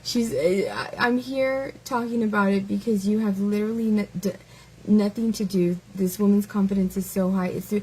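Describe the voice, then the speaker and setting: A woman's voice: medium pitch, normal speed, a little mellow, husky, poor audio. A woman hosting a casual live stream who mocks her target with taunting rhetorical questions, stretching out words as she goes.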